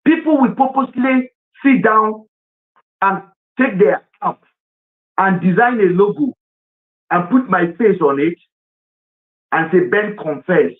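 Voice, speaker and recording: Nigerian male live-stream host, high-pitched, earnest, heard through a phone-like line. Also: expressive, measured pace, long pauses. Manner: earnest and impassioned, mixes in Pidgin. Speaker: livestream host. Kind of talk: emotional live-stream talk. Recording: tinny phone-line sound.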